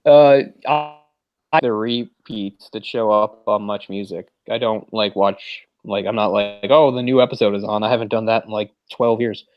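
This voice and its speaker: A man's voice: fairly low pitch, steady tone, a little slow, no echo, highs cut off. A man chatting casually over a movie, rambling with lots of filler words. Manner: rambling, lots of "like" fillers, puts on mock voices when retelling scenes. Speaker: commentary host. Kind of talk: casual movie watch-along chat.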